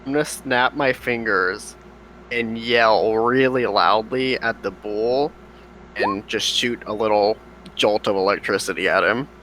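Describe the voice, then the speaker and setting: A man's voice: fairly low pitch, measured pace, pushed and bright, a little hiss or hum, rough recording. A man playing a tabletop role-playing game, describing his moves casually. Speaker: player.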